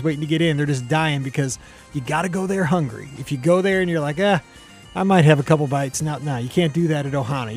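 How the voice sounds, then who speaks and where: A man's voice: on the high side, a little mellow. Upbeat joking male podcast host. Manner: upbeat, joking, rambling asides. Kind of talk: casual podcast chat.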